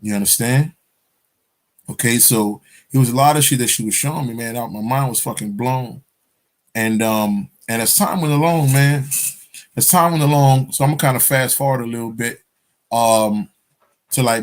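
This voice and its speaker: A man's voice: medium pitch, fairly even intonation, normal speed. A man telling a personal spiritual story in a casual, profane, rambling monologue, often checking in with "you understand?". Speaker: spiritual vlogger.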